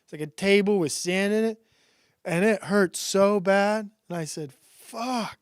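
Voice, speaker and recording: A man in his thirties hosting a stream, giving a sarcastic, deadpan satirical monologue that rambles with restarts and swearing. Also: high voice, normal speed, clear, resonant tone, no echo, studio quality. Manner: rambling, loose delivery with restarts. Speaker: stream host.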